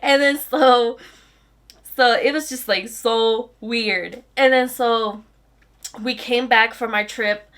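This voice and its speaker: A woman's voice: on the high side, steady tone, slow, a bit bright. A woman in her twenties telling a personal story to camera in a chatty, casual way, full of "like" fillers. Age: 20s. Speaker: vlogger.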